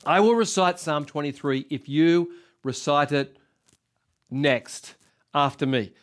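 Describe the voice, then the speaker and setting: A man's voice: a little high, takes it slowly. A man voicing a confident traveling orator who offers a deal to an old farmer. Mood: playful.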